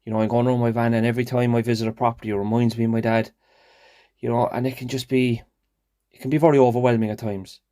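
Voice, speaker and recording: A man's voice: mid-range voice, flat delivery, quick pace, dark tone, no echo, clean studio sound. A man, a gardener hosting his own channel, talking casually and sincerely to viewers outdoors in a garden, addressing them as guys. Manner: sincere and reflective, then upbeat. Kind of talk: casual vlog talk to viewers.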